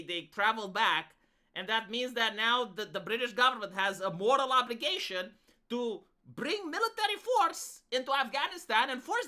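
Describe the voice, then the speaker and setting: A woman's voice: a little high, pushed and bright. A woman from Romania, giving rambling, filler-heavy commentary on a casual live stream.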